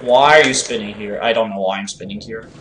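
A man's voice: on the low side, fairly quick, background noise. A man from Canada with a French Canadian accent, chatting casually with viewers while streaming a game, laughing easily and stuttering a little. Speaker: speedrunner streamer. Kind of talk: casual live-stream chat while playing.

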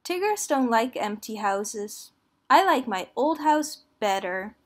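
A bouncy, cheerful young tiger toy full of friendly eagerness, as a woman reads him aloud. He talks at a slow, unhurried pace in a fairly high voice, like a storybook character spoken for small children. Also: very animated.

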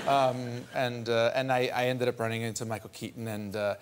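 A man's voice: medium pitch, fairly even intonation, fairly quick, slight background noise. A man guest on a talk show, telling a casual anecdote with frequent laughs and restarts. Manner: laughing storyteller, many restarts.

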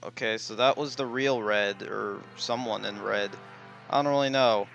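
A young man commenting on his own horror game playthrough, excitable and full of swearing, rambling as he reacts. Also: on the low side, normal speed, creaky, lo-fi sound, faint music behind. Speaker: gaming channel host. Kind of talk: let's play commentary.

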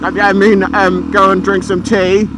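A man voicing a pompous, old-fashioned gentleman, talking grandly while riding a motorbike outdoors on a helmet camera mic. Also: high-pitched, flat delivery, measured pace, noisy background. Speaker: motorcycle vlogger. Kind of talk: comic character monologue. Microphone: helmet-mounted action camera mic.

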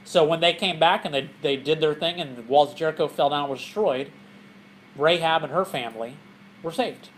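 Animated pastor, a man teaching scripture. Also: fairly high pitch, fairly quick, a little hiss or hum, low-quality recording. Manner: animated, laughing, asking the group questions. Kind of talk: Bible study teaching.

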